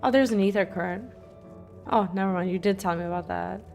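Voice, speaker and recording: A woman's voice: medium pitch, a little fast, vocal fry, darkish tone, soft background music. A woman gaming streamer giving casual let's-play commentary, chatty and reactive, laughing often.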